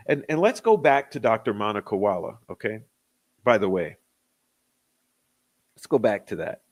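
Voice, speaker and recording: A man's voice: medium pitch, expressive, normal speed, pauses often. A man reading out court testimony and commenting on it with indignant sarcasm. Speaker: true-crime commentator.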